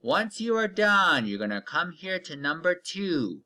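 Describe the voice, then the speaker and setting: A man teaching young children to read in a recorded online lesson, stretching out each word slowly and giving patient step-by-step cues. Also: high voice, sing-song, sharp tone. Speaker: elementary reading teacher.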